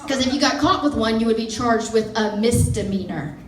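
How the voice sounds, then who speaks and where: A woman, telling an animated, self-mocking stand-up story. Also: on the high side, a little fast. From Mississippi, USA. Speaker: stand-up comedian. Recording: roomy, from far off.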